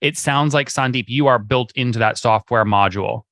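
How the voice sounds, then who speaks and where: A man's voice: medium pitch, moderate pace, fairly bright tone, no echo, studio quality. A man hosting a business podcast, bluntly interrupting his guest to clarify details. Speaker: podcast host. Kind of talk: interview questioning.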